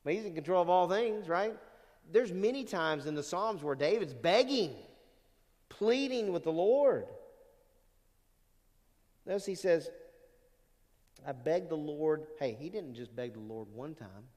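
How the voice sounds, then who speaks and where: A man preaching a sermon as pastor, animated, swinging between loud emphasis and quiet asides. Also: a little high, measured pace, long pauses. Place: church sanctuary. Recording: long church hall reverb.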